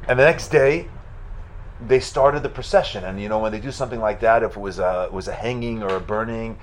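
A man, a rabbi, telling a religious story in a sermon, halting and restarting at times. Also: fairly low pitch, slight background noise, low-quality recording. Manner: halting retelling with restarts, rising to loud fervent chanting at the end.

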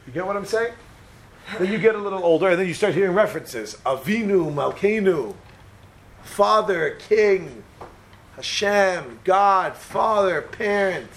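A man giving a humorous sermon full of stories, animated and talking straight to his listeners. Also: high-pitched, unhurried. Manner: animated, joking, talks to the audience.

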